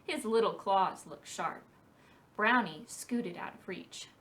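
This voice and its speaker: A woman reading a picture book aloud at a library storytime for preschoolers, in a slow and expressive storybook cadence. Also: medium pitch, recorded from a distance.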